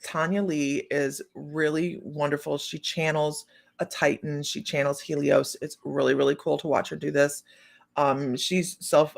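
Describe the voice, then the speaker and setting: Gravelly-voiced woman rambling on a livestream. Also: fairly low pitch. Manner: rambling storyteller, many restarts and asides to viewers. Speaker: psychic medium hosting a morning livestream. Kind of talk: casual chat.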